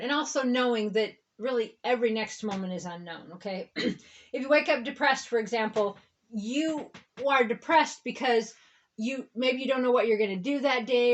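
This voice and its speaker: A woman reverend giving a rambling spiritual talk in a conversational way, often checking in with "okay?" and "right?". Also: a little high. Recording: dull lo-fi recording.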